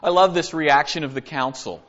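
A Bible teacher with a fairly high, fairly bright voice speaks at normal speed, though the audio sounds dull. He gives an earnest, conversational Bible study sermon, reading verses aloud and explaining them.

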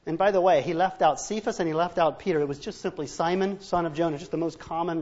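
A man's voice: fairly high pitch, fast talker, few pauses, darkish tone, lo-fi sound. A man preaching a sermon as pastor, earnest and emphatic, often restarting phrases as he drives a point home.

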